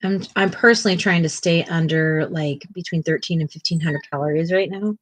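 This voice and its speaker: A woman hosting a casual livestream, chatting and reading viewer comments aloud, now and then cooing softly to a fussy pet at home. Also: deep voice, brisk, dry recording. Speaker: art channel host.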